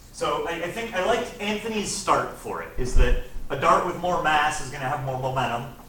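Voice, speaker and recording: A man's voice: mid-range voice, sharp tone, far from the mic. A male physics teacher lecturing casually through test problems, often checking in with "right?". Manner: conversational, checks in with frequent "right?". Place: classroom. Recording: echoey classroom, recorded from afar, noisy.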